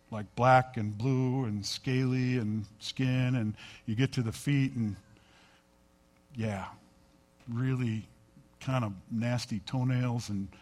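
A middle-aged man preaching a sermon as a pastor, telling a story and acting out the voices in it. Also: mid-range voice.

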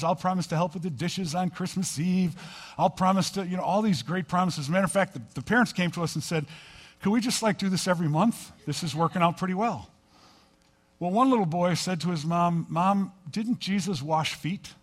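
A middle-aged man preaching a sermon as a pastor, telling a story and acting out the voices in it. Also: a little high.

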